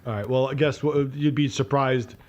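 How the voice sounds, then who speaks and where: A man's voice: medium pitch, normal speed, highs cut off. A man in his forties co-hosting a podcast, telling a story casually, swearing freely and cutting himself off mid-sentence. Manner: profane, animated storyteller with self-interruptions. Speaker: podcast co-host. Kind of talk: casual storytelling among friends.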